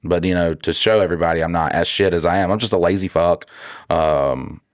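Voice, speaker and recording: A very deep-voiced man with a drawl, co-hosting a casual podcast. He rambles, restarts his sentences and swears freely. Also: fairly quick. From North Carolina. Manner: blunt and profane, rambling with restarts. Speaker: podcast co-host.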